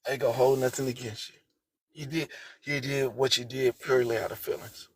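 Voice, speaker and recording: A woman hosting a livestream, ranting with heavy profanity and swinging between low, muttered lines and shouted outrage. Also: fairly even intonation, brisk, husky. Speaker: livestream host. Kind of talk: heated livestream rant.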